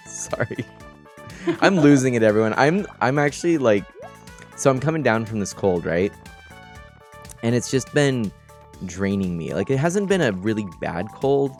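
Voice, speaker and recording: A tired man casually chatting on a gaming stream, telling stories in a rambling, animated way and laughing often. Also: mid-range voice, a little slow, pauses often, faint music behind. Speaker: streamer and game host.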